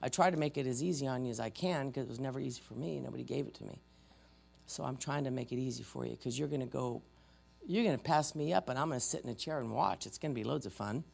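A church trainer teaching spiritual warfare through stories, animated and joking at their own expense. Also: medium pitch, fast talker, gravelly, breathy edge. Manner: animated, acts out loud quoted voices.

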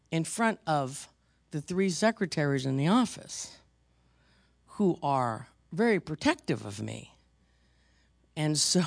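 A pastor preaching a sermon in a conversational, animated storytelling manner, self-deprecating and lively. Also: medium pitch, creaky, dry recording, studio quality.

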